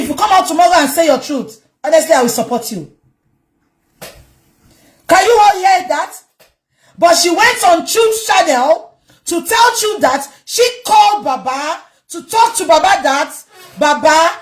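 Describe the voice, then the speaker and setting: A woman with a Nigerian Yoruba accent giving heated commentary as a vlogger, speaking emphatically and breaking into shouts. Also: very high voice, expressive, a little slow. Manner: emphatic, switches between English and Yoruba, bursts into shouting. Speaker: online commentator.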